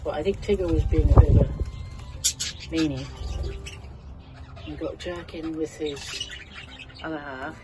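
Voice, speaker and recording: Chatting casually for a vlog, a bird keeper coaxes the budgies in a fond baby-talk tone, his voice mid-range and steady, his pace measured with frequent pauses. He's in an outdoor aviary on a windy day, so loud wind noise fills the recording. Budgies chirp in the background.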